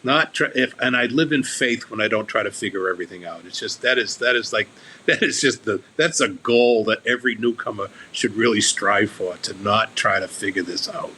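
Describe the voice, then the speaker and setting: Bright-voiced man telling his recovery story. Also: on the low side, normal speed, slight background noise, rough recording. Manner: earnest, repeats and restarts words. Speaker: AA circuit speaker guest. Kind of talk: candid podcast conversation.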